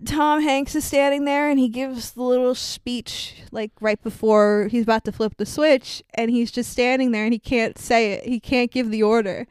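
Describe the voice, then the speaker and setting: A woman's voice: on the high side, fairly even intonation, moderate pace, hardly any pauses, darkish tone, clean tone, no room sound. A young woman co-hosting a podcast and recapping a film in casual chat, emotional and gushing, swearing freely. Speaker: podcast co-host.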